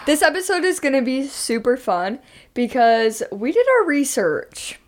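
Young woman chatting on a podcast, upbeat, kinda high voice, says like constantly. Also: very animated, unhurried. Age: young adult. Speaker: podcast co-host. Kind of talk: casual podcast chat.

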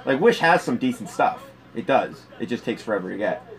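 A man's voice: mid-range voice, a little fast. A man telling crude stories in casual comedic chat as a podcast co-host, laughing as he talks. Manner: crude, animated, laughs through his stories.

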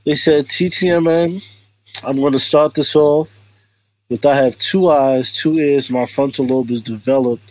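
A man's voice: mid-range voice, steady tone, a little slow, darkish tone, no room sound. A man hosting a podcast in casual chat, joking around and often adding "you feel me". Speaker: podcast host.

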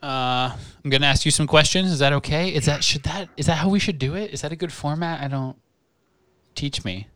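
A young man co-hosting a casual comedy podcast, joking and self-mocking with quick asides. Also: fairly high pitch, a bit bright, no echo. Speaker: podcast co-host.

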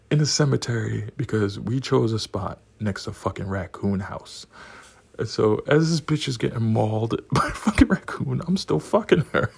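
Gravelly-voiced man telling a raunchy story. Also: medium pitch. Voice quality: gravelly, husky voice. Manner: profane, animated storyteller who laughs at his own story.

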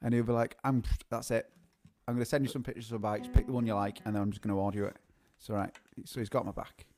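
A man's voice: lowish voice, fairly even intonation, fast, darkish tone. A man co-hosting a live music show, chatting casually and laughing his way through a rambling story. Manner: rambling, repeats words as he restarts.

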